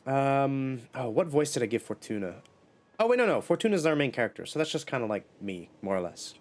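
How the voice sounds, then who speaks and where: Male streamer, casual live play, animated and chatty, mid pitch. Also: moderate pace, faint music behind. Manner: chatty, playful self-talk. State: slight cough. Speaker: game streamer. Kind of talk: casual live gameplay chat.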